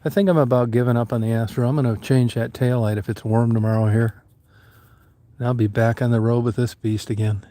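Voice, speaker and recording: A middle-aged vlogger chats casually outdoors beside an old van, plain-spoken and folksy, letting the odd curse slip. His medium-pitched voice is brisk, steady and dark-toned, with a dry sound. The noisy outdoor recording picks up vehicle and engine sounds.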